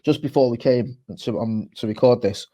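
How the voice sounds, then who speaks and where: A man's voice: mid-range voice, normal speed, mellow. A man co-hosting a podcast in casual chat, telling stories with plenty of swearing. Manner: chatty storyteller, laughs and swears. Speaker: podcast co-host.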